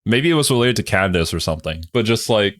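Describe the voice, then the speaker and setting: Laid-back man with lively pitch. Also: quick pace. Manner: laid-back, rambling, laughs often. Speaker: co-host reacting to game music. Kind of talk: casual reaction chat. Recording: music playing behind.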